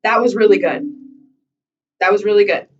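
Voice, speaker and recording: A woman's voice: medium pitch, moderate pace, muffled recording. Woman coaching a singing lesson, far-off mic. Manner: encouraging, chatty, demonstrates by singing. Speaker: voice teacher.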